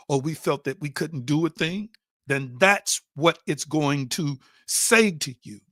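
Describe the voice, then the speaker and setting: A man's voice: a little high, fairly bright tone, dry recording, studio quality. A man delivering an online spiritual teaching, emphatic, repeating phrases for stress and calling his listeners family.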